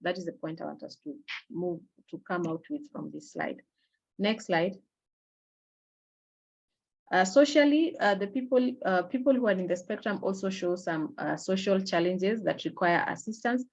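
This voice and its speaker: Low-voiced woman giving a webinar talk. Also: expressive, creaky, highs cut off. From Kenya. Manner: measured, explanatory, with frequent fillers and restarts. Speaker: webinar presenter. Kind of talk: online awareness lecture. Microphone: video call.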